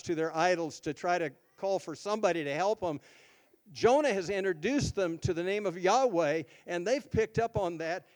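A male pastor preaching a sermon, reading scripture aloud and then explaining it, leaning hard on key words. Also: high voice.

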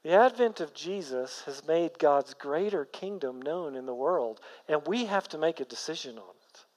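A man preaching a sermon as pastor, earnest, rising to emphatic peaks and then dropping low. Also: expressive, moderate pace, a little mellow, big-room sound, poor audio.

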